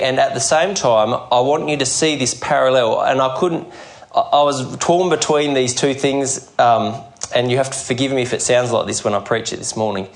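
A man preaching a sermon, earnest and measured, acting out the scripture scenes he tells. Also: mid-range voice, creaky. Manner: earnest, measured preaching with dramatic quoted voices. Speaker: pastor.

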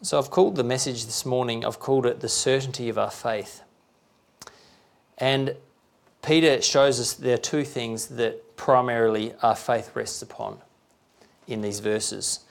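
A man's voice: medium pitch, a little slow, vocal fry. A man preaching a sermon, talking conversationally and checking in with rhetorical questions.

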